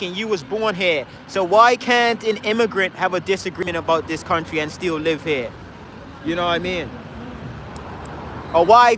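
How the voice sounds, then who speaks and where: A man's voice: high-pitched, a bit bright, slight background noise. A man giving a heated, rhetorical street speech outdoors, challenging the crowd. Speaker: street speaker. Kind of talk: impassioned street debate speech. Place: outdoors in a city park.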